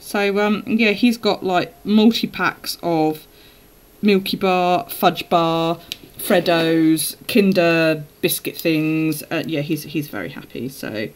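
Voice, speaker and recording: A woman's voice: lowish voice, takes it slowly, poor audio. A woman chatting casually on a live stream while journaling, telling stories and laughing often.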